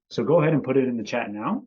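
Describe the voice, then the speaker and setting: A man's voice: mid-range voice, lively intonation, quick pace, darkish tone, husky. A man hosting a casual live-stream lesson, greeting viewers by name over a video call. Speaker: host and company CEO. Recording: slightly dull video-call audio.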